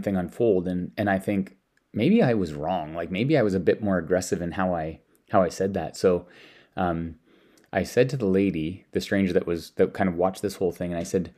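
A Canadian man with a low, darkish voice tells casual personal stories about lessons with his young son. He rambles, often repeating words and restarting.

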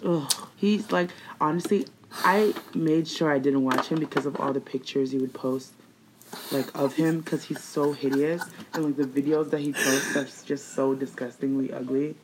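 Low-voiced young woman gossiping bluntly. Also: steady tone, moderate pace, background noise. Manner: blunt, profane, laughs often. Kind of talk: casual gossip chat.

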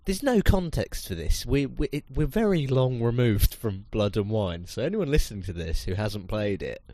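Animated man chatting on a podcast. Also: mid-range voice, normal speed. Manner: animated, swearing, self-mocking. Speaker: podcast co-host. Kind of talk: casual chat.

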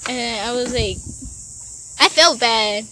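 Casting: high-pitched young woman, laughing and cursing, casual chat, noisy background. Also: slow, gravelly, sharp tone. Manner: laughing, swearing, quoting herself.

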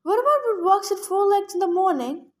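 A woman's voice: very high-pitched, expressive, a little fast, voice pushed up. A woman reading aloud and voicing a proud, clever teenage girl who insists and protests. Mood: protesting. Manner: insistent, defiant.

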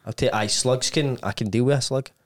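A Scottish man co-hosts a casual podcast, his voice sitting at an ordinary middle pitch. He jokes loosely with his friend and reads listener messages aloud. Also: fairly even intonation, fairly quick. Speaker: podcast co-host. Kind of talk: casual chat.

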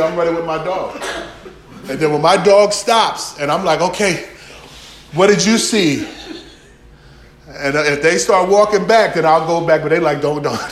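A man preaching a sermon, telling lively stories and acting out dialogue. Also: high voice, roomy sound.

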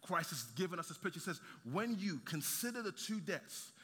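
A man preaching a sermon, lively, with rhetorical questions and light humor. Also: high-pitched, a little fast, husky. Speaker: pastor. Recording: reverberant hall.

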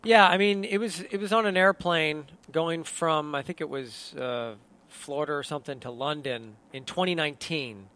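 A male radio co-host with a somewhat high voice, talking casually. He hedges his claims and repeats words while he gathers his thoughts. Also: moderate pace, bright, forceful tone. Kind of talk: casual sports radio talk.

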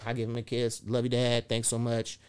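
A clear, resonant mid-range voice, a little fast, belongs to a middle-aged motivational speaker chatting casually on a podcast. He brings his stories to life by acting out dialogue, and he swears freely.

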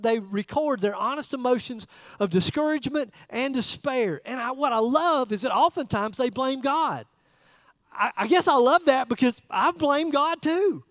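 Pastor, male, folksy conversational sermon, very high voice, dry close sound. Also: no room sound. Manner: conversational, folksy preaching with direct audience questions. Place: church service.

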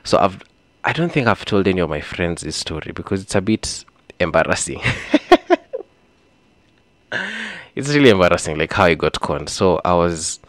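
A man's voice: low-pitched, expressive, brisk, fairly bright tone, no echo. A young Kenyan man with a Kenyan accent hosting a solo podcast, chatting casually and mixing in slang and Swahili phrases. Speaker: podcast host.

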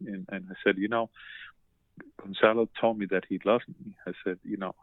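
A man with a fairly low voice tells a heartfelt story, circling back on his words and restarting his sentences. The sound is dry and thin, squeezed like a phone line. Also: little pitch movement, brisk, no echo. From Colombia. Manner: emotional, repeats words, many restarts. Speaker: podcast guest.

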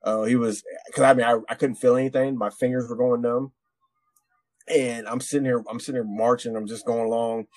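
A man spins a long army story on a podcast, swearing a lot and restarting his sentences often. His voice sits at a mid pitch. The sound is dry and close on the mic. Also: steady tone, fairly quick, a little mellow, no echo. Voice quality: rambling, profane, many restarts. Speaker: podcast co-host, military veteran. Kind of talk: casual storytelling.

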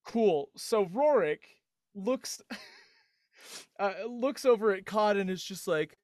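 Brief: male player, high voice, hesitant restarts, dry close mic. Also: animated, slow, a little mellow, no room sound. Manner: hesitant, many restarts and laughs. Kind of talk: casual tabletop play.

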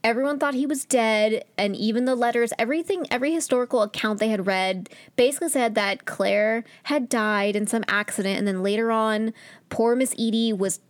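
A woman's voice: brisk, no room sound. A woman co-hosting a podcast, chatting casually about a book and acting out characters with big swings and laughs. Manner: animated, acts out characters with big pitch jumps and laughs. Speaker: podcast co-host. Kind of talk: casual book-review chat.

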